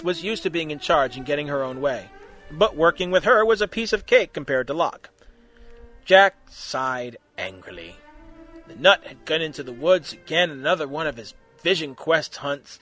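A man reading a fan-made story aloud, narrating in a lively, wry way. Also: on the high side.

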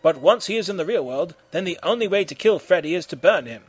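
A man voicing a young male martial-arts hero who shouts his lines in vengeful fury. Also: high voice, expressive, quick pace, husky, no room sound. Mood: grim. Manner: shouting battle cries.

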